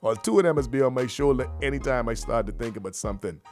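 A man hosting a radio show, talking in loose, slangy, joking patter full of shout-outs. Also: mid-range voice, quick pace, faint music behind. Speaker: radio host.

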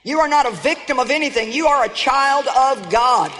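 A woman's voice: high-pitched, animated, moderate pace, noisy background. A woman preacher giving an emphatic sermon, calling out to her audience with rhetorical questions. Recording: long reverb of a large hall.

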